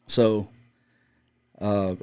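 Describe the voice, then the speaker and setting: Speaking extremely slowly and flatly, this middle-aged ex-Marine scout sniper tells a long interview story, swearing casually while performing the radio calls. His lowish voice is a little mellow, clear and resonant.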